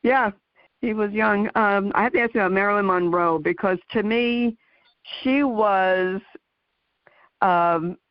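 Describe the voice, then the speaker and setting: A woman's voice: medium pitch, measured pace, no echo. A woman in her sixties hosting an interview, chatting casually with fillers and laughs. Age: 60s. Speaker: interview host. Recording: dull lo-fi dry sound.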